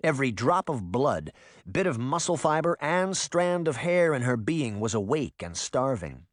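A male narrator reads a storybook with dramatic, expressive delivery. His pitch moves a lot, and the recording is dry and close. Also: normal speed, no room sound. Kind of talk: audiobook narration.

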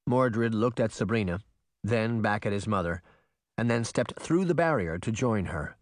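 A man narrating a fantasy audiobook in an expressive storytelling manner. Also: lowish voice, normal speed, dry recording, studio quality. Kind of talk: scripted narration.

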